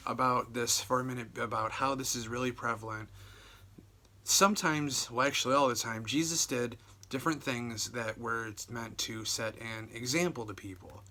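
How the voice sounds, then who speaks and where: A man's voice: medium pitch, bright, forceful tone. Man, casual video sermon, conversational, repeats himself, keeps saying right and you know. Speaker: preacher.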